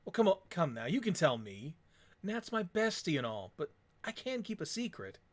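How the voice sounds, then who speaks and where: A man's voice: fairly high pitch, big pitch swings, moderate pace. A man voicing a chatty, caring young woman who is a playful best friend. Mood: teasing. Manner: chirpy, teasing, caring.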